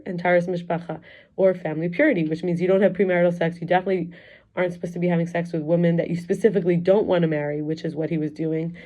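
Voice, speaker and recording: A middle-aged woman speaking in a low, mellow voice, candid and confessional as she reflects on her year. Her talk rambles and restarts in a personal vlog way. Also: lo-fi sound. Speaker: wellness coach and teacher.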